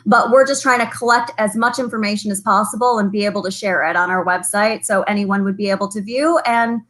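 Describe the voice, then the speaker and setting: A woman with a steady, fairly bright mid-range voice joins a video call as a guest, the president of a chamber of commerce. The casual interview chat finds her upbeat, talkative, and quick to laugh.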